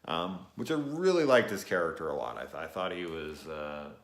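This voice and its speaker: A young man giving a rambling, casual late-night review, tired, swearing often and filling pauses with ums and uhs. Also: low voice, animated. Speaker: show reviewer. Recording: echoey room.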